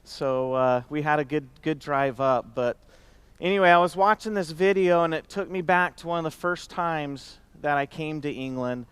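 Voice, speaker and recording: A man's voice: a little high, fairly even intonation, moderate pace, clear, resonant tone, dry recording. Chatty man at a podium. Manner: warm conversational with many fillers and restarts. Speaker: company executive speaking at event. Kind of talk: casual heartfelt stage speech.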